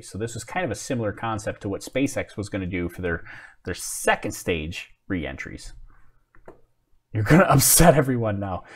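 A man hosting a live commentary stream, talking casually, thinking aloud and answering viewer comments with self-mocking apologies. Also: lowish voice. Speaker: livestream host.

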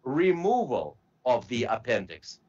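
A man teaching medical terminology to a class, slowly spelling out word parts and asking students to repeat. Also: mid-range voice, huge pitch swings, darkish tone, breathy edge, highs cut off. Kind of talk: classroom lecture.

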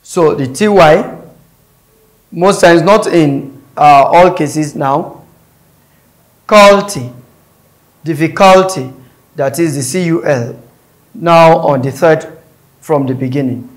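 Higher-voiced man tutoring English exam prep. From Nigeria. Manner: explains step by step, repeats words and syllables aloud.

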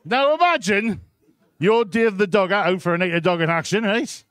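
Brash high-voiced Geordie stand-up comic. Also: male voice, lively intonation, moderate pace, a bit bright, clean tone, no echo. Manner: brash, crude storytelling with constant "right?" asides to the crowd. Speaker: stand-up comedian. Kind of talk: live stand-up set. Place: comedy club stage.

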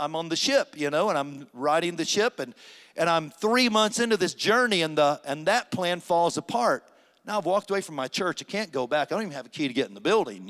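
An older man preaches from the pulpit, telling his story in a fairly high voice. He acts out each conversation and climbs to emphatic peaks. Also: fairly bright tone. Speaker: pastor. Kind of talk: sermon testimony. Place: church sanctuary.

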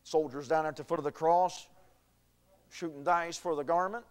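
A man's voice: on the high side, fairly even intonation, normal speed, clear, resonant tone. A male pastor preaching a sermon, reading scripture aloud and building in intensity. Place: church.

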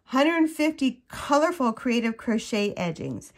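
Unhurried, gushing woman crochet vlogger, casual unboxing talk that keeps breaking off mid-thought. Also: fairly high pitch. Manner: gushing, excitable, gasps and trails off mid-sentence. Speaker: crochet channel host.

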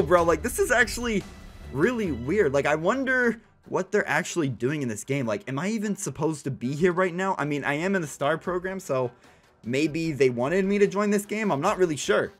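Young male gaming YouTuber, high and very animated, hyped play-by-play over soft background music. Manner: hyped, breathless, repeats himself. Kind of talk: excited gameplay commentary.

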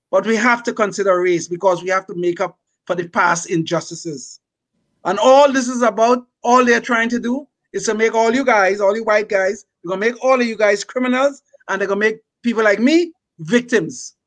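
A man's voice: high voice, a bit bright. An older retired man talking on a podcast panel, speaking emphatically and preachily, often tagging his points with "okay?". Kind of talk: casual panel discussion.

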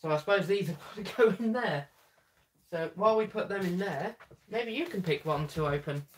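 A woman's voice: fairly low pitch, a little fast, a little hiss or hum. A British woman hosting a casual card-sorting video, making dry, teasing asides. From Britain. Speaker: channel host. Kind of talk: casual unboxing chat while sorting cards.

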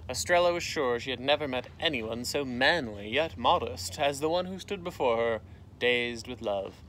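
A man, a teacher, reading a storybook aloud outdoors, with lively voices for the characters and a gentle sign-off. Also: mid-range voice, normal speed, slight background noise. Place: outdoors in a canoe.

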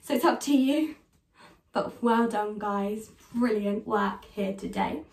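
A woman's voice: medium pitch, takes it slowly, darkish tone. A young British woman in her twenties leading an online drama class for children, upbeat and encouraging as she talks straight to the kids. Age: 20s. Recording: echoey room, voice from a distance.

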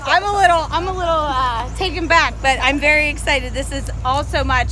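A mother filming outdoors on her phone, gushing with excited exclamations at a birthday surprise. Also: high voice, a little fast, few pauses, a crowd in the background. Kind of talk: home video, excited chatter. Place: outdoors by a street in front of a home. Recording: noisy outdoor phone video.

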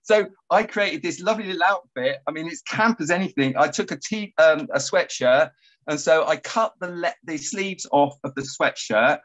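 A man guiding a paper craft tutorial, chatty and quick to laugh. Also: fairly high pitch, poor audio. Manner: animated, giggly and chatty. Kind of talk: casual craft tutorial chat.

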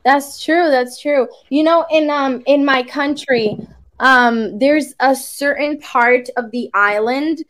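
A woman tutors English in a relaxed video-call chat. Her voice sits a little high, and she speaks slowly. Her is Spanish, and she tells stories in a friendly way. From Puerto Rico. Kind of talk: casual conversation lesson on a video call.

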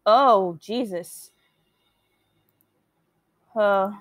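A woman's voice: medium pitch, expressive, slow, long pauses, no echo. A young woman reacting to a horror game, scared and shaking, stammering, swearing and gasping. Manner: jittery, stammering, swears, gasps and yelps in fright. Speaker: gaming video creator.

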